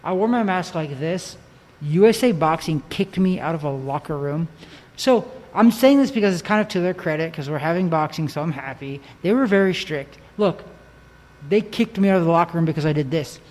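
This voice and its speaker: A man co-hosting a boxing podcast, chatting casually in a playful, excitable, jokey way. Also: a little high, fairly quick, in a large hall. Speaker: podcast co-host, boxing coach. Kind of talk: casual chat.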